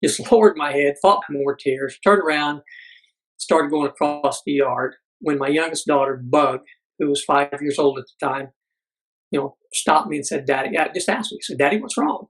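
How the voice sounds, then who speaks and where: A man's voice: a little high, normal speed, fairly bright tone, poor audio. A middle-aged man, a podcast guest, telling a personal story earnestly, with frequent restarts and acted-out quotes. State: blind military veteran.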